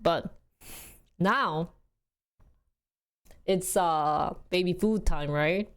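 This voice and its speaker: A young woman chatting casually on a livestream, rambling with frequent laughs and a voice going a little hoarse. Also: fairly low pitch, drawn-out words. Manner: chatty, rambling, laughs often, quotes family in lively bursts. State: losing her voice. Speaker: streamer.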